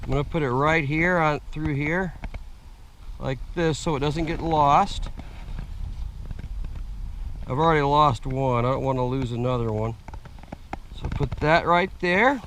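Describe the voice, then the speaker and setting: A man with a slightly rough voice, slowly explaining a camping gear setup step by step, outdoors on a camera mic. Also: a little high, fairly bright tone, a little hiss or hum. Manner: slow, plain step-by-step explaining with fillers. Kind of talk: casual how-to demonstration. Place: outdoors in woods.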